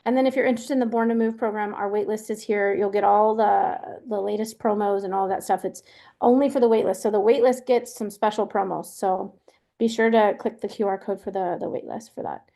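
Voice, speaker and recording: A woman's voice: mid-range voice, fairly even intonation, fairly quick, vocal fry, warm tone. A middle-aged woman hosting a webinar, talking casually with lots of fillers and restarts. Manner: chatty, many fillers and restarts. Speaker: webinar host.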